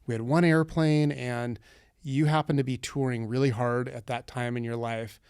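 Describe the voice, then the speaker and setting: A man's voice: mid-range voice, fairly even intonation, normal speed, a little mellow, smooth, dry recording, studio quality. A man hosting a casual podcast chat, a pilot who talks through flights in detail and laughs often.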